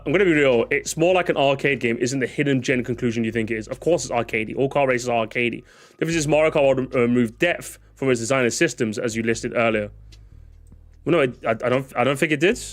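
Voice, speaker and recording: A man's voice: mid-range voice, fast, faint music behind. A young man streaming a casual reaction to comments, sarcastic and jokey, often stammering and restarting his sentences.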